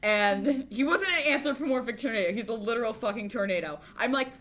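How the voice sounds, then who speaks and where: A woman from New Hampshire co-hosting a live comedy podcast, loud, laughing and teasing with profane banter. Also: on the high side, lively intonation, quick pace, slight background noise. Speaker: podcast co-host. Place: live venue with audience. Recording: live room with crowd chatter.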